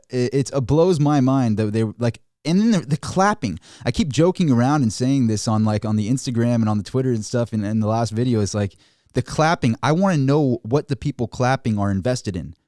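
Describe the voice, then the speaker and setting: A man hosting a casual finance livestream, talking in an animated, sarcastic way with frequent restarts. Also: mid-range voice, no echo, clean studio sound. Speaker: host of a finance channel. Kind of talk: casual market commentary livestream.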